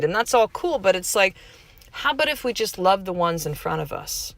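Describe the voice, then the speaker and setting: A podcast host in her thirties delivers a candid motivational monologue, frank and casual, swearing freely and leaning hard on key words. Her medium-pitched voice is very animated and creaky, at normal speed with no echo.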